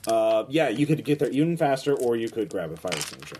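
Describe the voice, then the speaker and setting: A man runs a tabletop game, his pitch rising and falling freely as he narrates. He talks loosely, with plenty of fillers and quick laughs. A faint hiss sits under the recording. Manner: lively, laughs often, lots of fillers. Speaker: game master.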